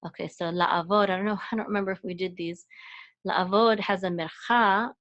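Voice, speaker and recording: A woman's voice: medium pitch, fairly even intonation, normal speed, a bit bright, muffled recording. A woman teaching a Hebrew reading lesson, walking patiently through letters and vowel sounds one at a time, with frequent hesitations and restarts. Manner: spells out sounds and syllables one by one. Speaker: Hebrew and Torah chanting teacher. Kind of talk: slow step-by-step reading lesson.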